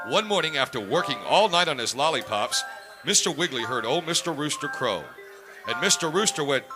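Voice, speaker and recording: A man's voice: on the high side, lively intonation, fairly quick, over music. Man reading a mock-innocent storybook. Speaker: comic storyteller. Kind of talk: parody children's story reading.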